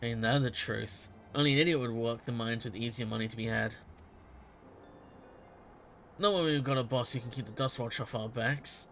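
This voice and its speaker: A man voicing a rough, scoffing male bandit from a game, in a gruff drawl. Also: mid-range voice, normal speed, long pauses, fairly bright tone, a little hiss or hum, lightly acted.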